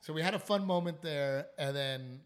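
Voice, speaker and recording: A comedian from South Texas who hosts a podcast speaks at a moderate pace in a fairly high-pitched voice. Sick and short on sleep, he tells a story in casual chat, animated and swearing, trailing off and restarting often.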